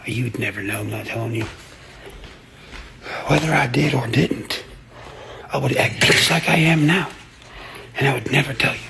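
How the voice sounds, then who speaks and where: A man's voice: mid-range voice, fairly even intonation, moderate pace, vocal fry, long pauses, background noise. A man ranting casually and profanely on a livestream, boastful and laughing often. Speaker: livestream host.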